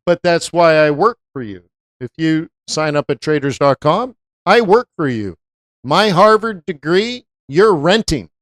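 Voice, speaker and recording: A talkative trading host riffing through casual market commentary on a live stream. The speaker leans on repetition for emphasis and keeps the tone loose and anecdotal. The voice sits at an ordinary middle pitch in a dry, close recording. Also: unhurried, fairly bright tone, dry recording. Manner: chatty, anecdotal, repeats words for emphasis, laughs often; slips into voices when quoting others.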